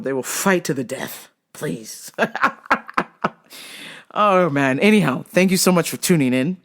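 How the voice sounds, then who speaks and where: A woman hosting a podcast, ranting casually and profanely, stretching out words for emphasis and laughing between complaints. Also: low-pitched. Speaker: podcast host.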